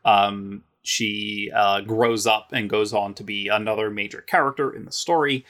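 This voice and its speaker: A podcast co-host chats casually in a fairly low, slightly bright voice with fairly even intonation and a moderate pace. He rambles with lots of fillers and restarts, cracks playful jokes, and laughs often amid jokey asides.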